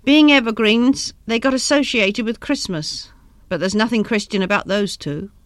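A woman's voice: a little high, normal speed, dry recording, lightly acted. A woman voicing an elderly male seedsman who talks in a folksy, knowing way.

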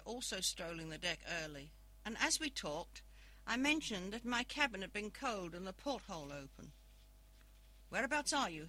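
A narrator reads a first-person ghost story aloud in a measured, even storybook manner. The tone is strikingly bright and sharp, with a middling pitch. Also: rough recording.

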